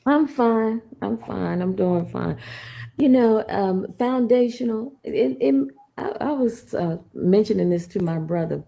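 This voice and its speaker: A woman's voice: mid-range voice, lively intonation, measured pace, creaky, warm tone, rough recording. A woman calling in to a livestream, talking casually and rambling with many restarts. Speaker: caller. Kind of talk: casual call-in chat.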